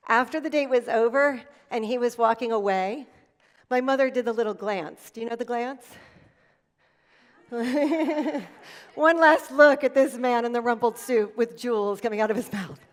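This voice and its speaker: A woman's voice: fairly high pitch, normal speed, in a large hall. A middle-aged woman giving a motivational talk to an audience, emphatic and storytelling, repeating her key phrases. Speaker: keynote speaker. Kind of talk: motivational speech. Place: event stage before an audience.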